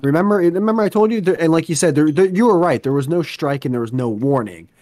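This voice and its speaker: Animated, swearing male podcast co-host. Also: a little high, fast, no room sound. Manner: animated storytelling, swears freely. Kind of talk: casual podcast chat.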